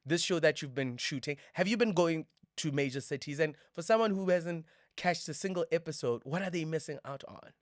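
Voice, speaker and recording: A man's voice: on the high side, brisk, no room sound, clean studio sound. A South African man hosting a casual talk show, playful and joking, often affirming his guest. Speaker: host. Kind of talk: casual chat.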